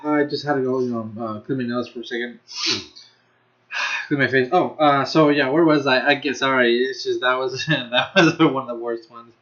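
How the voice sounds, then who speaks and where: A man's voice: mid-range voice, steady tone, moderate pace, fairly bright tone, dull audio. A man ranking anime in a casual video, rambling and restarting his sentences, laughing often and cursing freely. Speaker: anime reviewer.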